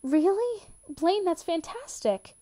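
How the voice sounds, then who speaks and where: A gentle, playful young man as voiced by a woman reading a story. The voice sits high for the part and stays mellow and soft. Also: normal speed, lightly acted. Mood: delighted. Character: young man, warm and teasing baker.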